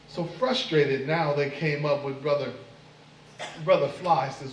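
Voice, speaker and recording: A man telling a folk tale live at a venue, expressive with dramatic pauses. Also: on the high side, slight background noise. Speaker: storyteller. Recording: echoey room, mic far off.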